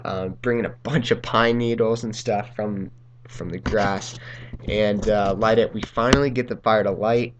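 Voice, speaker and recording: A man's voice: fairly low pitch, fairly even intonation, normal speed, a little hiss or hum. A young man hosting a gaming channel, telling a casual story over gameplay in a rambling way, full of ums and uhs and laughing through lines.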